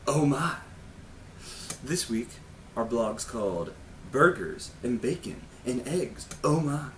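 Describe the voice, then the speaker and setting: A man's voice: mid-range voice, expressive, slow pace, a little hiss or hum. A man hosting a casual health vlog, talking in an awkward, self-mocking way with rambling, jokey asides. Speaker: host of a health ministry channel.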